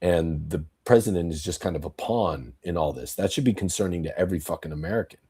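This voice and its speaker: A man's voice: deep voice, fast, dark tone, husky. A man in casual podcast talk, ranting bluntly with heavy swearing and telling stories with acted-out quotes. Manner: blunt, profane, rambling political rant.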